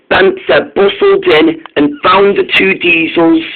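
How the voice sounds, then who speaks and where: A man's voice: fairly high pitch, takes it slowly. A man narrating a toy-train story in an informal, eager way. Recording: tinny phone-like sound.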